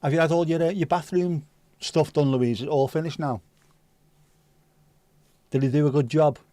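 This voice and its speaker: A man's voice: on the high side, steady tone, normal speed, warm tone, no echo. Chatty man in his fifties. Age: 50s. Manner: chatty, swearing, comic storyteller. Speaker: livestream host. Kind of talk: casual chat reading viewer comments.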